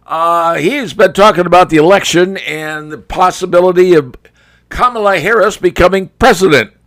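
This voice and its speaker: High-voiced man giving folksy commentary. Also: moderate pace, a bit bright. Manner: folksy, conversational, addresses viewers as folks. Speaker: talk show host. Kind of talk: opinion commentary monologue.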